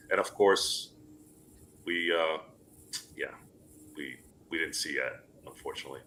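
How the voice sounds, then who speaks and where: A man's voice: a bass voice, expressive, unhurried, pauses often, bright, forceful tone, slight background noise. A man in casual sports chat, emphatic and swearing now and then. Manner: emphatic, swears, gives advice.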